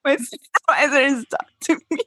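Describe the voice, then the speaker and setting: A woman's voice: high voice, a little slow, noisy background. A young woman co-hosting a podcast, chatting bluntly and laughing as she recaps a TV show. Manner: laughing, blunt, swears casually. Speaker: podcast co-host. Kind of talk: casual chat recapping a TV show.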